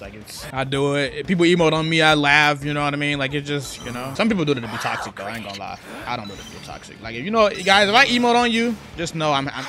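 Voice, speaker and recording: A man giving playful gameplay commentary, trash-talking opponents as he plays. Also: mid-range voice. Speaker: gaming YouTuber. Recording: game music behind voice. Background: video game music.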